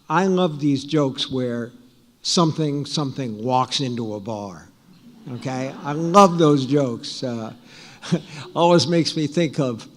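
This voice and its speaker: A man in his sixties, an author, telling rambling, self-deprecating anecdotes to a live audience with wry humor and frequent restarts. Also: medium pitch. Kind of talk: live storytelling talk. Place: large hall with audience. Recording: live hall reverb.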